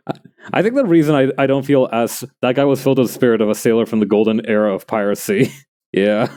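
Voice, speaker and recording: A man's voice: mid-range voice, fairly even intonation, fast talker, dark tone. A man streaming as he makes a plush, rambling and joking and often laughing. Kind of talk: casual chat while crafting.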